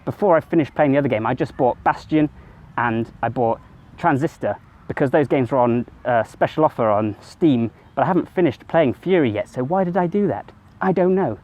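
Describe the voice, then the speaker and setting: A man's voice: mid-range voice, expressive, brisk, darkish tone. A man talking casually to camera in a rambling, conversational way, sometimes correcting himself mid-sentence. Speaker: vlogger. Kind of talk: casual self-help monologue to camera.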